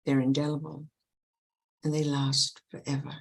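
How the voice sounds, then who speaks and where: A woman guiding a listener through a gentle meditation, speaking in a slow, soothing way. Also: low-pitched, monotone, rough recording. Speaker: guest, past life regression hypnotherapist. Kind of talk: guided meditation.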